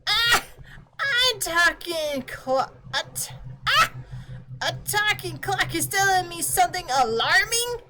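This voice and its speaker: A woman's voice: very high-pitched, sing-song, slow pace, pitched above the performer's own voice, full character voice. Woman doing a stuffy british clock guy from a game, prim and fussy, voice jumps around a lot, noisy background. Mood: flustered. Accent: attempted British. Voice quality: stiff, formal, stumbles over long words. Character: fussy prim male talking mantel clock. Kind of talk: reading game dialogue aloud in voices. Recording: background noise.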